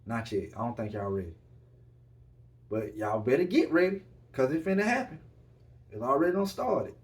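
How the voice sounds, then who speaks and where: A man's voice: medium pitch, big pitch swings, normal speed, far from the mic. A man hosting a podcast in casual solo chat, hyped and repetitive, full of slang and constantly addressing his viewers. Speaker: podcast host.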